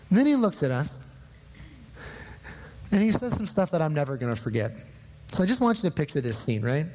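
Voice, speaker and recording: Man, pastor, lively storytelling sermon, slightly high voice, long hall reverb. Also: fast talker, long pauses, a little hiss or hum. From northern Minnesota. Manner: animated storytelling, acting out dialogue.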